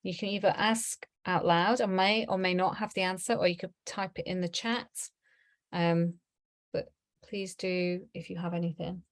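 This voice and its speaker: A middle-aged woman with a slightly low voice talks a small group through a lesson over a video call. She rambles in an easy, chatty way, full of ums and soft laughs. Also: fairly even intonation, normal speed. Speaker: tarot teacher. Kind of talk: casual online teaching.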